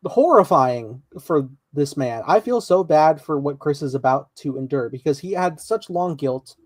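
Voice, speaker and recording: A man co-hosting a podcast, recapping a TV episode in relaxed, rambling casual chat with many fillers. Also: fairly high pitch, no echo. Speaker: podcast co-host.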